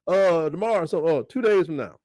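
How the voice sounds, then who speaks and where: A middle-aged man hosting a casual sports livestream. He jokes and reads out chat comments, and his voice breaks into high squeals. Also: animated, fairly quick, darkish tone, dry recording, clean studio sound.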